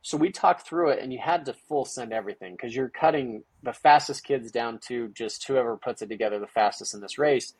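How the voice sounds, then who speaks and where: Speaking fairly quickly with few pauses, this middle-aged guest on an interview show has a mid-range voice that is a little mellow with a breathy edge, recorded with no room sound. An entrepreneur and parent, he tells his story casually and with animation, acting out quotes and filling it with many fillers.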